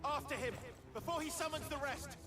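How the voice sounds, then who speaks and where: A man's voice: very high voice, a little fast, pushed and bright. An actor voicing a young male hero in a video game cutscene, with music behind. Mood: urgent.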